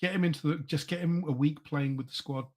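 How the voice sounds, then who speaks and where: A man in his thirties, a podcast guest, talking excitedly in a casual chat. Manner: excitable, animated, quick pitch jumps.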